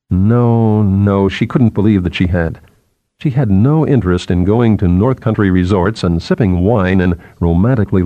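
A man narrating a novel in a measured, expressive way. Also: on the low side, no echo. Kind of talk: scripted audiobook narration.

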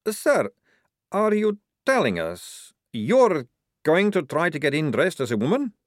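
A man's voice: a little high, big pitch swings, unhurried, no echo, voice pushed up. A man voicing a dry, ironic young vampire soldier.

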